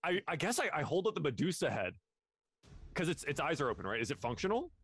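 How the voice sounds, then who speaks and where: A man playing in a tabletop game, animated, laughing and swearing. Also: on the high side, quick pace, husky. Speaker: player.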